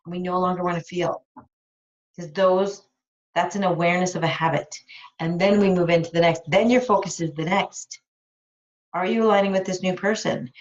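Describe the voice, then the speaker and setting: Frank, enthusiastic woman coach, lowish voice. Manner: enthusiastic, frank, swears casually. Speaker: life coach. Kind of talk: live coaching call, answering a listener's question. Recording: dull lo-fi recording.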